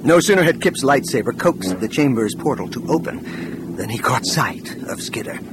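A man narrating an audiobook in an expressive, scripted reading style. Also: mid-range voice, moderate pace, heavy background noise.

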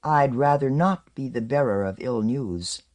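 Narrator playing a soft-spoken alien envoy: quiet, grave, unhurried. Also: male voice, mid-range voice, close to an everyday voice.

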